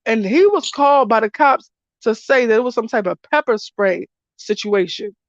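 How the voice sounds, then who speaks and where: A woman's voice: fairly high pitch, expressive, moderate pace, no room sound. Blunt, profane woman on a lo-fi recording. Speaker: spiritual reader and commentator. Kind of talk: casual spoken commentary. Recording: dull lo-fi dry recording.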